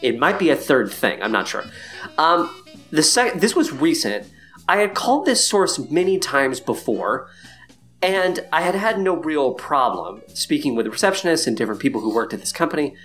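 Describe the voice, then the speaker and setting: A man's voice: fairly high pitch, sing-song, moderate pace, a bit bright, soft background music. A man in his thirties hosting a podcast in casual chat, swearing freely and laughing often. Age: 30s. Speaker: podcast host.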